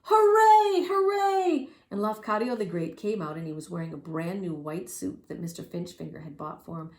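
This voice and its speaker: A woman's voice: low voice, fairly quick. Woman reading a story in an echoey room. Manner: lively, expressive storytelling with sound effects. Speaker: reader. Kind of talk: reading a children's story aloud. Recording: roomy echo.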